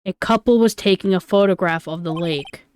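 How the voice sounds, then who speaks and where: A woman reading an earnest young lawyer, lowered. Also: moderate pace, darkish tone, slight background noise, lightly acted.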